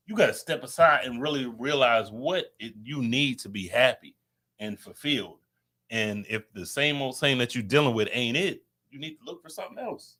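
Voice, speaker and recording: A man's voice: medium pitch, expressive, moderate pace, sharp tone. A man with kids co-hosting a podcast, talking loosely and profanely and preaching straight at his viewers. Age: adult with children. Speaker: podcast co-host. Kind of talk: casual podcast chat.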